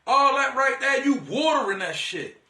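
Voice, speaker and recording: A man with a high, sharp, bright voice delivers a casual spiritual pep talk in blunt, profane slang. He keeps calling the listener "divine being" and lectures with a preachy edge. The sound is roomy, from a little way off the mic. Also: animated, moderate pace, recorded from a distance. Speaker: spiritual energy reader.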